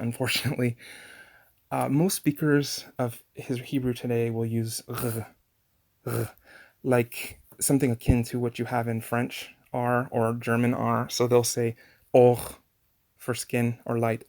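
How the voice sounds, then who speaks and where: A man teaches a casual language lesson focused on pronunciation, chatty and full of fillers and restarts. His medium-pitched voice has vocal fry and a slightly mellow quality.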